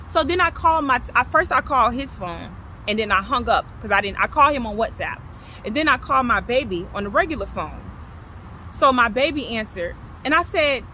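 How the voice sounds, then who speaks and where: Impassioned bright-voiced woman. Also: expressive, normal speed, a little hiss or hum. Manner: impassioned, repeats herself, swings from loud to low. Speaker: vlogger sharing her testimony. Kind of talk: emotional personal testimony.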